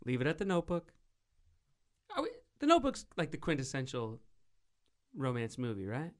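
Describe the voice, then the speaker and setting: A man hosting a show, chatting casually in an excitable, playful way. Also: mid-range voice, moderate pace. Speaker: show host. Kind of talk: casual studio chat.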